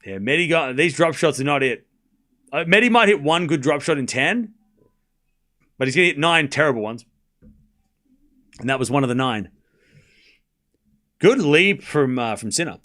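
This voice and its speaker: A high, bright-voiced man runs a live tennis watchalong stream, switching between quick point-by-point calls and sarcastic asides to his chat. His pitch swings widely as the rallies build. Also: animated. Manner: rapid play-by-play calls. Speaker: stream host and commentator.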